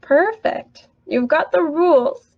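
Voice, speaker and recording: A woman's voice: sits high, expressive, takes it slowly, creaky, no room sound, phone-quality sound. A woman teaching an online English lesson, upbeat and encouraging, praising students often.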